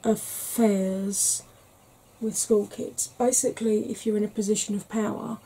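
A Welsh woman chatting frankly in a soft-spoken ASMR vlog, rambling with fillers. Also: mid-range voice, flat delivery, measured pace, husky. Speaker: ASMR vlogger.

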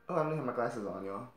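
A man hosting a reaction video, gushing and laughing often while keeping his voice low. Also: reverberant, a little hiss or hum. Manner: giggly, gushing, frequent laughter; kept low to stay quiet. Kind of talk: casual reaction commentary.

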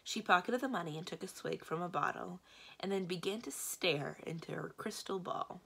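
A woman librarian reading a children's novel aloud, telling the story with steady, expressive narration. Her voice is lowish and bright, with a gravelly texture. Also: moderate pace.

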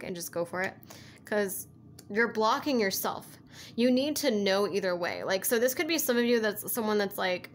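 A woman's voice: medium pitch, a little hiss or hum. A woman giving a casual tarot reading who rambles, repeats herself and keeps saying "like" and "you know", in an earnest, coaxing way. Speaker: tarot reader.

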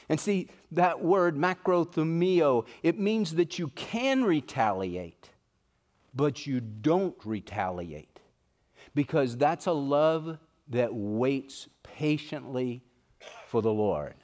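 A pastor preaching a sermon earnestly, slowing down to stress key words. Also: male voice, a little high, animated, a little mellow.

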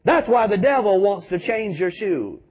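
A man's voice: sits high, lively intonation, normal speed, lo-fi sound. A man pastor preaching a sermon with emphatic rhetorical questions and calls to the congregation.

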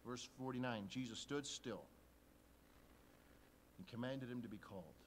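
A man preaching a sermon as a pastor, shifting from quiet, intimate talk to loud emphasis. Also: medium pitch, a little slow, slight background noise.

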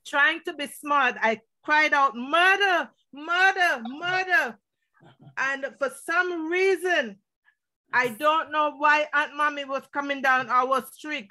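A woman's voice: high voice, pushed and bright. A middle-aged woman from Montserrat giving a tribute at a memorial service over a video call, telling a family story with laughter.

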